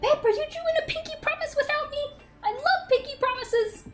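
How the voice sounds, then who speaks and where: A woman voicing an excitable little gnome boy who is bubbly and eager in a tabletop game. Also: extremely high pitch, normal speed, soft background music, voice pushed up. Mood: chirpy.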